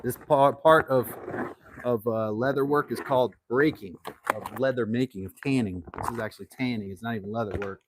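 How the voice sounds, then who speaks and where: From his home workshop indoors, a middle-aged livestream host works on tanning hide, joking and playfully slipping into an Irish accent. His voice is medium-pitched and a little fast, with background noise present.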